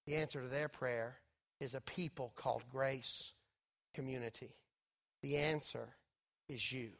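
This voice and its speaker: A man preaching a sermon in a church, swelling loud and high, then dropping soft and intimate. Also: fairly even intonation, measured pace. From Texas. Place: church sanctuary.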